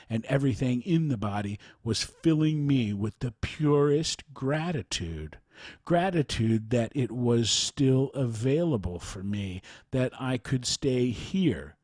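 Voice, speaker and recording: Slow, deliberate man reading aloud. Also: lowish voice, dry recording, studio quality. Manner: slow, careful reading that speaks formatting cues aloud; thoughtful, halting remarks with fillers. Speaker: podcast host. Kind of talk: reading a listener's account aloud, then commenting.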